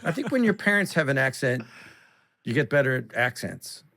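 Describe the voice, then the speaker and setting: A man from Canada, a guest on a podcast, chatting casually and telling animated stories that slip into comic voices. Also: medium pitch, moderate pace, creaky. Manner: animated storyteller, often slips into comic voices. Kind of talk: casual chat.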